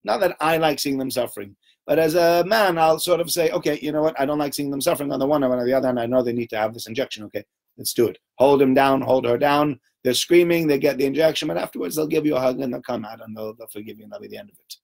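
A man giving an informal Torah talk to a small group, conversational and animated, often checking in with "right?" and acting out little voices. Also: mid-range voice, fast talker, creaky. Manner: acts out little voices and sounds while telling stories.

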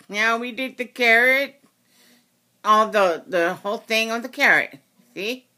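Slow, bright-voiced craft tutorial host. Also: medium pitch. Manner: rambling, self-correcting, apologetic. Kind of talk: casual how-to demonstration.

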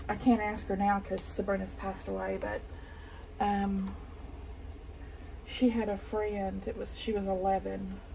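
Southern woman sewing vlogger, mid-pitched, chatty storyteller, faint noise. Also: gravelly. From Arkansas. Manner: chatty, meandering, soft-spoken asides. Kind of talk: casual storytelling while sewing. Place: home sewing room.

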